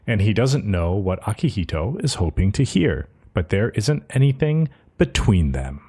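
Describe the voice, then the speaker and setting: Young male podcast co-host, lively, animated delivery, recaps scenes with quick character voices. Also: lowish voice, breathy edge. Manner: retells scenes, briefly voicing characters. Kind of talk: casual anime recap chat.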